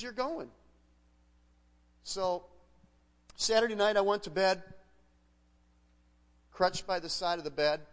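A middle-aged man, a guest pastor, preaching a sermon as a conversational personal story with frequent restarts. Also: high-pitched. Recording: long hall reverb.

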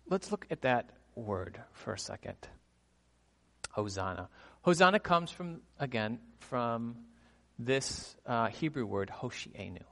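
A man delivers an animated sermon from the pulpit, pitched at a middling level for a man. He drops quick rhetorical asides and coaxes his congregation to repeat words back. A long reverb from the large hall trails his voice. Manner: animated, with rhetorical "right?" asides and crowd prompts. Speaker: pastor. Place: church sanctuary.

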